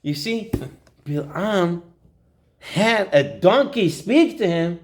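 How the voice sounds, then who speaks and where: A man's voice: sits high, slow. A man teaching an informal Torah class, telling stories and acting out the quotes. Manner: animated storyteller, acts out quotes. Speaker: rabbi.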